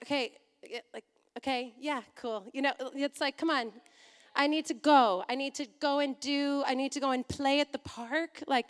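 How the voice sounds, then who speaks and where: A woman in her thirties preaching a sermon, chatty and animated, with personal stories and asides. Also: high-pitched, long reverb tail. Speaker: pastor.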